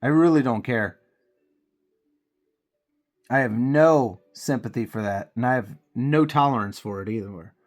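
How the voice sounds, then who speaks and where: A man's voice: mid-range voice, unhurried, long pauses. A man with a cold, venting heatedly and profanely while he paints miniatures on his channel. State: congested with a cold.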